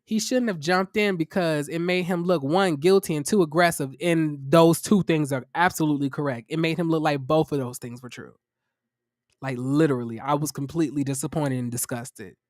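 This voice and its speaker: A man hosting a livestream review of a reality show, tired, talking casually to his viewers in a profane, incredulous, animated way. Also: a little high, normal speed, no room sound, studio quality. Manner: chatty, addresses viewers as y'all.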